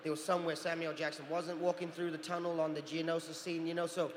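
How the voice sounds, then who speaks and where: A man in his forties, a guest on a convention panel, telling stage stories in an animated way, acting out voices and laughing often. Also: fairly high pitch, fast. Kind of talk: storytelling Q&A on stage. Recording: roomy hall reverb with faint crowd noise.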